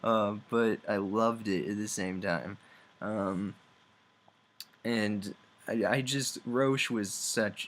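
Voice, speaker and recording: Young male game reviewer, low-ish voice, slow and rambling with filler words. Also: a bit bright. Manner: rambling, many fillers, chuckles often. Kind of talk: casual video game review.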